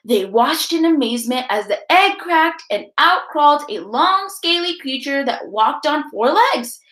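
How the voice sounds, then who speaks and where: Brief: high-voiced woman teacher, expressive read-aloud, echoey room. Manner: expressive storytelling, guiding pauses.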